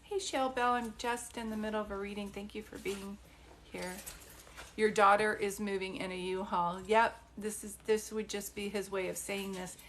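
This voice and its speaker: A woman's voice: mid-range voice, little pitch movement, moderate pace, fairly bright tone, slight background noise. Woman, psychic medium, live-stream reading, chatty, reassuring, restarts often.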